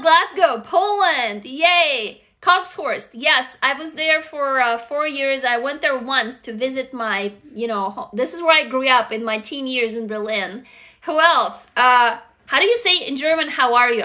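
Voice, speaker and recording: Bright high-voiced woman livestreaming, from Russia. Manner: energetic, swears freely, greets viewers. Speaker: livestream host. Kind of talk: casual livestream chat.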